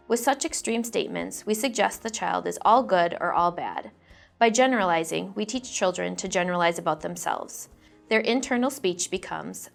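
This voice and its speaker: A woman trainer giving scripted instructional narration in a measured way, clearly reading out example phrases. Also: medium pitch, soft background music.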